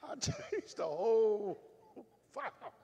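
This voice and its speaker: Southern male pastor, folksy preacher, lively pitch, recorded in a reverberant church hall. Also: slow, creaky, breathy edge. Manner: folksy storytelling, swings from loud and firm to low and confiding. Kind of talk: sermon. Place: church sanctuary.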